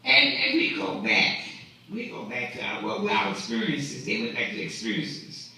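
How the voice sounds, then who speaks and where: A man's voice: medium pitch, wildly swooping pitch, moderate pace, creaky, bright, forceful tone, heavy reverb, far from the mic, rough recording. A man preaching a sermon in a conversational way, often repeating and restarting his words, recorded in a church. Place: church sanctuary.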